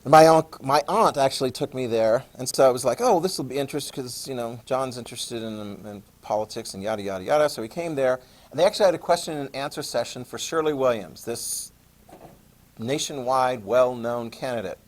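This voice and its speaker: An American man lecturing a class, telling a personal anecdote in a chatty, animated way and addressing the students directly. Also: medium pitch, brisk. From United States. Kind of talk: classroom storytelling.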